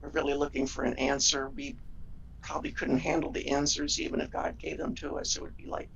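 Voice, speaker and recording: Earnest woman with a gravelly voice. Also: sits low, level tone, a little fast, fairly bright tone, far from the mic, lo-fi sound, slight background noise. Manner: earnest, tells stories, acts out quoted voices. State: tearful. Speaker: guest. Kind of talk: interview conversation.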